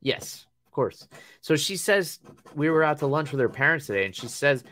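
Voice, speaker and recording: A man's voice: on the high side, expressive, normal speed, a crowd in the background. A man in his thirties chatting casually on a podcast, telling long rambling stories and laughing often. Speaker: podcast co-host. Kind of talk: casual chat.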